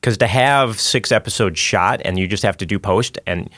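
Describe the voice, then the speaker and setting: Deep-voiced man hosting a chatty podcast. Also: normal speed, a bit bright, dry recording. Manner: chatty, jokey, rambling with restarts. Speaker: podcast host. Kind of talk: casual interview chat.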